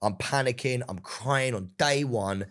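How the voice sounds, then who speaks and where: A young man, chatting casually as a podcast guest, telling an animated story and calling everyone "mate". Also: medium pitch, a little slow. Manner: animated storytelling, swears, says "mate" a lot. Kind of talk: casual chat. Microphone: studio microphone.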